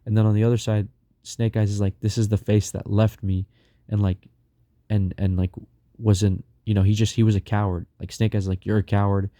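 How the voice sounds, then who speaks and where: A young man talks his way through a long story in a loose, rambling way, stacking fillers and restarts. His voice sits low and sounds very dark and mellow. The sound is dry and close, with no room around it. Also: level tone, brisk, no echo. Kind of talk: casual storytelling.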